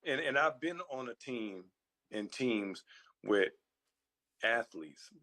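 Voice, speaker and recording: A man's voice: medium pitch, animated, slow pace, bright, forceful tone. A man who once played pro football, talking casually on a radio show in an earnest, storytelling way. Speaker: former football player, co-host.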